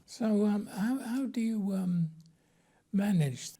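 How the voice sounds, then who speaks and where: An older man asks short, hesitant interview questions at a very slow pace. His voice is dark and gravelly, with a husky edge. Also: high voice, expressive.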